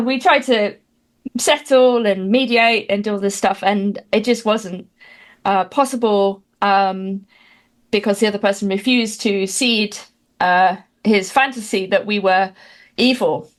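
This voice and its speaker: Mid-range and a little slow, this British woman's voice carries dry, wry humor as she talks casually as an interview guest and commentator, stumbling through plenty of fillers and restarts.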